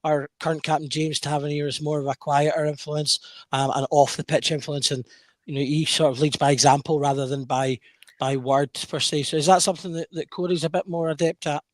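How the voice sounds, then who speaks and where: Higher-voiced man hosting a podcast, dry sound. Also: fairly even intonation, brisk, dry recording. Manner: hesitant, many ums, reads questions out. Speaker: podcast host reading listener questions. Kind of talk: casual podcast chat.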